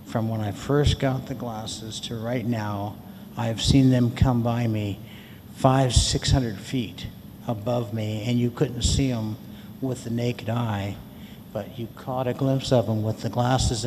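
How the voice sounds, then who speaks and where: A man speaking at a conference, telling a personal story in a folksy, chatty way into a handheld mic. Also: mid-range voice. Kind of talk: storytelling talk. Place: large conference hall. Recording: reverberant hall, faint noise.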